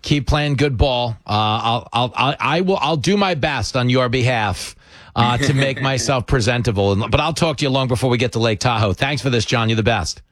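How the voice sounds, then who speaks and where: A man's voice: mid-range voice, normal speed, a bit bright, no echo, clean studio sound. Joking male radio talk host. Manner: rambling, joking, laughing at his own stories. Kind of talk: casual chat and storytelling.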